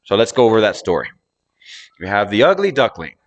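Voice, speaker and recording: A man teaching pronunciation, reading a children's story aloud with deliberate emphasis on each stressed word. His voice sits fairly low. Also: big pitch swings, highs cut off. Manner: reads slowly with marked word stress.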